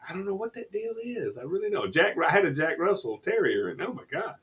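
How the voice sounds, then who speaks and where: A man co-host talks in a lively, exclamatory way and often repeats himself. His voice sits a bit high and swings widely in pitch. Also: fairly quick. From United States. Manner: animated, exclaims, repeats words. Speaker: radio co-host. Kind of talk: casual chat.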